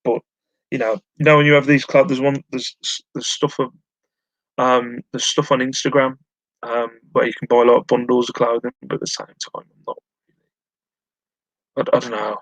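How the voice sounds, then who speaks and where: A man's voice: mid-range voice, level tone, normal speed, pauses often, fairly bright tone, no room sound, lo-fi sound. A man hosting a live stream from home, chatting casually and rambling as he reads out his viewers' messages with self-mocking humour. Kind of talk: casual chat while reading live chat.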